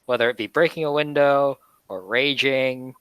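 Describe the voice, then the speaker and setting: A man's voice: mid-range voice, normal speed, a bit bright, slight background noise. A man playing a tabletop game, laid-back and chuckling. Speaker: player. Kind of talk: casual tabletop play.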